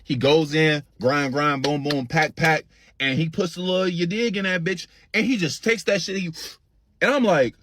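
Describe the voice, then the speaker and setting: A young man telling a comic story, slangy and animated, acting out what others said. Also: a little high, moderate pace, no room sound. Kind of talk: storytelling stand-up.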